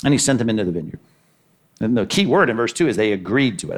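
A man preaching a sermon, reading scripture and acting out the characters' voices with lively energy. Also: lowish voice, rapid-fire. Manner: animated, acts out the characters' lines in the parable. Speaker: pastor.

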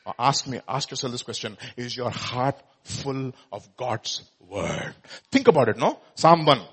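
A man's voice: mid-range voice, big pitch swings, unhurried, slightly rough. A man preaching a sermon, asking rhetorical questions and acting out quoted speech with strong emphasis. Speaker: pastor.

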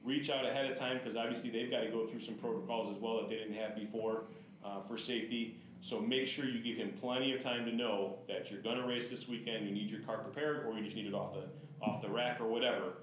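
A man speaking in a relaxed, casual chat, giving clear practical instructions. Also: medium pitch, quick pace. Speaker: track staff guest. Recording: echoey room with noise.

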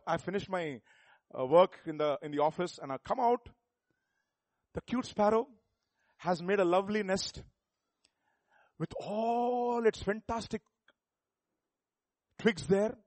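A middle-aged pastor, preaching a sermon full of rhetorical questions that builds to emphatic peaks. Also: male voice, high voice, no echo.

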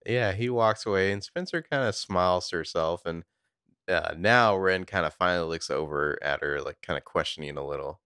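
A man with a very low voice talks through a TV episode in a relaxed, chatty way. He quotes lines from the scenes as he goes and swears casually. The sound is dry and close, with no room around it. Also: smooth, no echo. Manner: laid-back, recounting scenes with quick quoted lines and swearing. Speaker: podcast co-host recapping a TV episode. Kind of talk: casual chat.

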